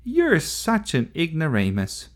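A man's voice: a little high, huge pitch swings, slow, voice pushed up, heavily acted. A man putting on a bossy little know-it-all girl. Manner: bossy, lecturing.

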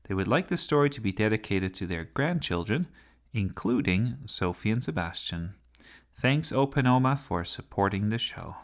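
Guy reading a kids' story, kinda low voice, slow and singsongy. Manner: gentle, unhurried reading with lively intonation. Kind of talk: children's story narration.

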